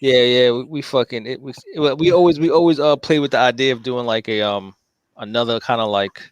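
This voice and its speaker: A man's voice: medium pitch, a little fast, no echo, dull audio. A Puerto Rican man who grew up in Brooklyn, telling stories in a casual chat about making comics, with lots of swearing. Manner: profane, animated storyteller. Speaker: comic book artist, co-creator.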